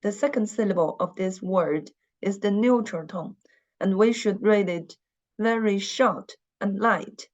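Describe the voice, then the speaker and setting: A woman teaching an online language class, speaking slowly and patiently and having students repeat after her. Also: medium pitch, dull audio. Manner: slow, patient, repeats words for students to echo.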